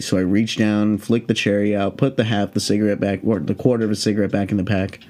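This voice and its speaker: Low-voiced man telling rambling stories. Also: fast talker, hardly any pauses. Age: late 20s. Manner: rambling, profane, animated. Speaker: podcast host. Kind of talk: casual storytelling.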